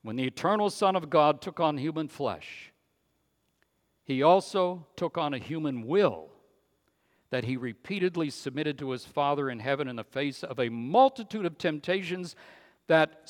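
Male preacher, fairly high voice, emphatic delivery that drops to a hush; long hall reverb. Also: animated, measured pace. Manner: emphatic, swings from loud to hushed. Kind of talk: sermon.

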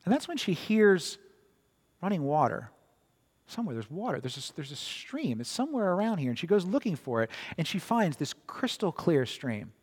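A man preaching a sermon in a conversational way, often repeating words and checking in with "right?", in a long-reverb hall. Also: on the high side. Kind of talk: sermon with storytelling.

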